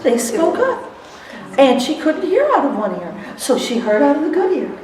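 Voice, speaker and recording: Animated woman lecturing in an echoey hall. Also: high-pitched, normal speed, slight background noise. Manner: animated storyteller, laughs often, acts out quotes. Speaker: seminar speaker for court reporters. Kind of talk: motivational seminar talk. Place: seminar hall. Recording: echoey hall, recorded from far off.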